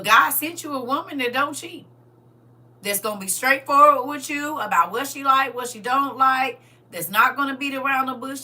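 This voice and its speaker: Emphatic woman with a bright voice. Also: medium pitch. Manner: emphatic, preachy, talks straight to viewers. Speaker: livestream host. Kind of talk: casual livestream talk.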